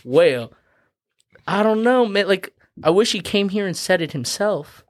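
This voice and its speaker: A fat, slow-witted girl donkey chatters in high, squealing tones, as a man puts her on. Her pitch leaps all over the place, and the sound is dry and close to the mic. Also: expressive, dry recording. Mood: bashful.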